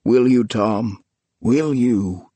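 A man's voice: mid-range voice, extremely slow, warm tone, husky, no echo, voice pushed up. A man voicing an earnest elderly man who coaxes and pleads. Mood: pleading. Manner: urgent, coaxing, pleading.

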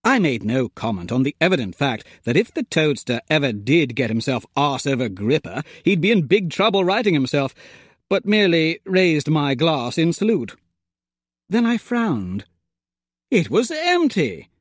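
A man's voice: fairly high pitch, very animated, moderate pace, dry recording, clean studio sound. A man narrating a comic first-person story in an arch, playfully wordy manner. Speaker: audiobook narrator.

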